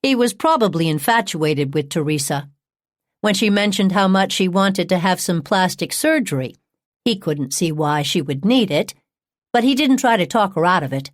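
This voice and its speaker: A woman with a fairly low voice narrates a true-crime audiobook at a measured, even pace. The recording is dry and close, with no room sound. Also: no room sound.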